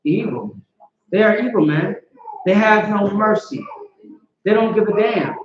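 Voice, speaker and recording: Man, scripture class teacher, casual talk, fairly high voice, roomy lo-fi recording. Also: unhurried, slight background noise. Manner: casual, conversational, peppered with "you know what I'm saying". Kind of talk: informal scripture class lecture. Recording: roomy, dull lo-fi.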